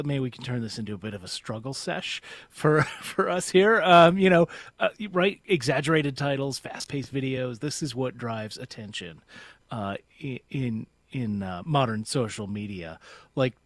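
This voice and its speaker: A male public radio host with an animated, lively pitch, recorded dry and close. His station reads are polished, but his questions wander loosely. He sounds at ease on air. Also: moderate pace, no room sound. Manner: polished broadcast delivery with loose, rambling questions. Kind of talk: public radio interview hosting.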